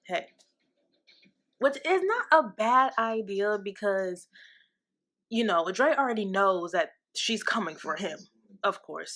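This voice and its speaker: Female vlogger, casual TV recap, profane and animated, mid-range voice. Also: mid-range voice. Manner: candid and profane, animated reactions.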